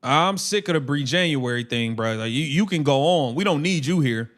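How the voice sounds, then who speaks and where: Male streamer, slightly high voice, heated slangy play-by-play and rants. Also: lively intonation, normal speed, a bit bright. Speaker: live stream host. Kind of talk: casual live watch-along commentary.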